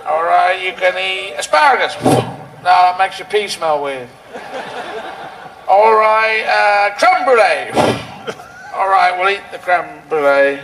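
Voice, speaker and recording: High-voiced man doing rambling stand-up. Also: a bit bright, poor audio. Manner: rambling, surreal, playful delivery with quick asides. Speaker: stand-up comedian. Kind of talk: stand-up routine. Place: outdoor rally stage.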